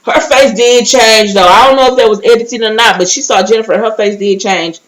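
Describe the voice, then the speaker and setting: A woman giving a casual, chatty recap, telling the story with animated asides and quickly acting out what others said. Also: on the high side, slight background noise, rough recording. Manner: quick acted-out quotes of others. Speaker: recap vlogger.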